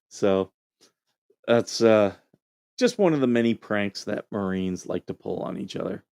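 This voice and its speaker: A man who served as a Marine, hosting a casual call-in show and telling a story in a relaxed, rambling way with lots of fillers. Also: on the low side, slow pace, long pauses, clean tone, no echo, studio quality. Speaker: show host, Marine veteran.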